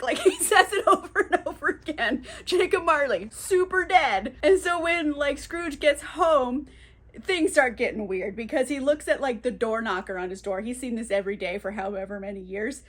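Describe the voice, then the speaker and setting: A woman's voice: sits high, expressive, moderate pace, a bit bright. A woman recapping a classic novel for her book vlog in a chatty, filler-heavy, swearing manner. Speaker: book vlogger.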